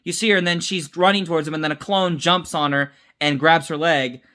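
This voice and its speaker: A man's voice: a little high, fairly even intonation, fairly quick, pushed and bright. A tired young man giving a casual, unscripted episode review, rambling with restarts and mixing up names.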